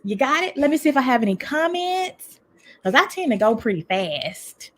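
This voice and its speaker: A woman from Mississippi with a Southern US accent, a relationship coach talking fast and excitedly on a livestream from home. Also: high voice, a little hiss or hum. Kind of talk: livestream talk. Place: home room with a heater running.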